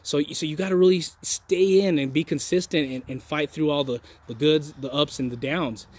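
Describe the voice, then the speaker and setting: A man's voice: a little high, moderate pace, a little mellow. A man giving a casual motivational talk to his viewers, folksy and earnest, often restarting and repeating words. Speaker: motivational vlogger.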